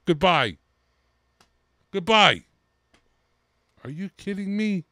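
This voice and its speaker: Gruff, exasperated man, dry sound. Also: high voice, animated, takes it slowly, pushed and bright, no room sound. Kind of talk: improvised comedy bit.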